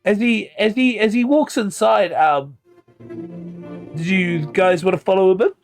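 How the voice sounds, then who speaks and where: A man with a high, gravelly voice running a tabletop game. He narrates slowly and halts often with fillers as he describes the scene to his players. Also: faint music behind. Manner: halting, filler-heavy narration. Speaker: game master.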